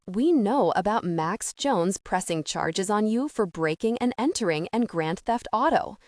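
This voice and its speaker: A woman reading the part of a tender motherly woman with a soft Southern drawl, her voice sitting a little higher than the narration. The audiobook is recorded dry and close, with no room sound. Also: animated, unhurried, no echo, lightly acted. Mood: tender, reassuring.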